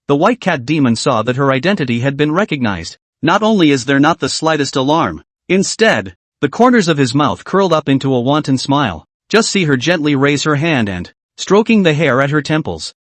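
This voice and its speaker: Male recap narrator, lively delivery, dry and close. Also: on the high side, no room sound. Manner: reads with small restarts.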